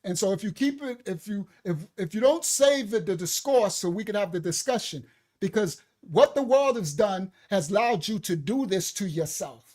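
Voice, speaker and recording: A minister preaching to a live audience, sternly scolding a commenter. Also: male voice, high voice, animated, moderate pace, darkish tone. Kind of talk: livestreamed preaching.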